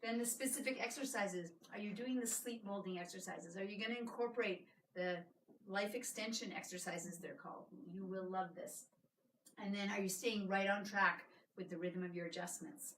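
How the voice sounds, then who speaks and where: A woman chiropractor giving a live workshop to patients, energetic and coaxing, often checking in with "right?". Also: medium pitch, moderate pace, slight background noise. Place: clinic room with a small audience. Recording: echoey room, mic at a distance.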